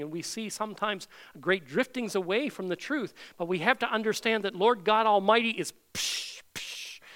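A middle-aged man from Canada preaching a sermon in a high voice. His tone is bright and forceful as he builds earnestly to loud peaks. Then he drops to hushed, intimate passages. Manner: earnest preaching, swings from loud proclaiming to soft intimate tones. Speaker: pastor.

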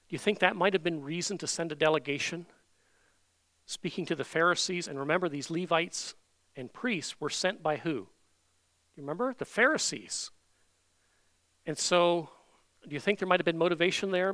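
Male pastor, emphatic sermon delivery, bright forceful tone. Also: a little high, no room sound. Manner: emphatic preaching with rhetorical questions.

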